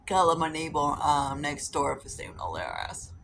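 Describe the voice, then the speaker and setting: A woman talks through her makeup routine in a loose, rambling way, drifting into stories and putting on little voices for the people in them. Her voice is bright and forward, with a faint hiss of noise underneath. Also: low-pitched, very animated, normal speed, gravelly. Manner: rambling, chatty, acts out quoted voices, swears casually. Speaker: beauty vlogger. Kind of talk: casual chatty storytelling while doing makeup.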